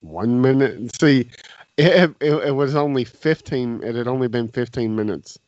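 A man's voice: medium pitch, moderate pace, darkish tone, no echo, lo-fi sound. A man co-hosting a podcast, chatting casually through a movie commentary over a remote call, joking and laughing often. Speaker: podcast co-host. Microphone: remote call, audio cuts out.

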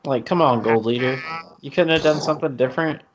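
A man's voice: medium pitch, brisk, lo-fi sound, noisy background. A man co-hosting a podcast, chatting casually through a movie commentary, cracking jokes and laughing often. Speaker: podcast co-host.

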